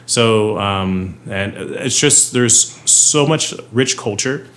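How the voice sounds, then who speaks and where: Lowish man with faint hum. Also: takes it slowly, a bit bright. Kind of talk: interview answer.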